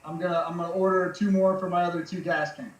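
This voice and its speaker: Laid-back veteran guest, high male voice, loose and profane, echoey room. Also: steady tone, fast talker. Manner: laid-back, swears freely, many fillers. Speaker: podcast guest, military veteran. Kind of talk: casual storytelling chat.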